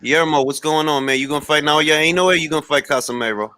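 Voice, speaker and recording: A man's voice: fairly high pitch, fast, sharp tone, smooth. A man hosting a boxing livestream in casual, slangy chat and laughing often.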